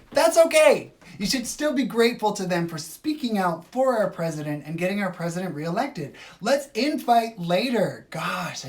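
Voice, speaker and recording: A woman runs a casual livestream from her phone, chatting and responding to viewer comments. She speaks emphatically in a voice on the low side, flipping between gushing and dismissive.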